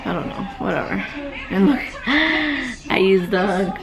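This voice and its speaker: A woman's voice: medium pitch, expressive, slow, poor audio. Candid rambling young woman vlogger. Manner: candid, rambling, sighs and trailing off. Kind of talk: casual vlog talk to camera. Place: family home indoors.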